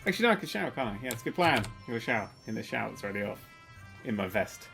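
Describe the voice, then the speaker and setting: A man's voice: mid-range voice, very fast, creaky, over music. Joking male gamer putting on silly accents. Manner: jokey, swears a lot, puts on silly accents; loud excited yelps. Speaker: streamer playing a prison game. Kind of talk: casual livestream commentary.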